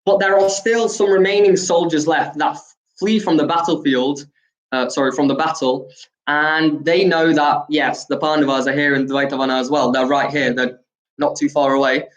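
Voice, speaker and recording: A male teacher retells an ancient epic in an animated way, slipping into dialogue and leaning on fillers like uh and um. His voice sits a little high for a man. The recording is roomy and echoey. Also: moderate pace. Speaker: spiritual teacher. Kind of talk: storytelling talk. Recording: echoey room.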